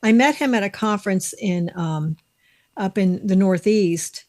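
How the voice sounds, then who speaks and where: A woman's voice: medium pitch, unhurried, darkish tone. A woman, a guest, telling a long story on a video call in a chatty, rambling way with many fillers. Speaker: guest, state director.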